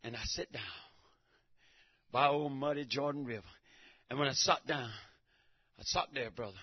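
A man giving a preaching testimony in church, emphatic and repetitive, breaking into shouts. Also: medium pitch, normal speed, slightly rough. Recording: dull lo-fi recording.

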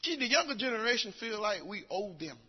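Older preacher, high lively voice, folksy, muffled hall sound. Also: male voice, brisk, slightly rough. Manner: folksy storytelling with acted quotes, rising to shouts. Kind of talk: sermon.

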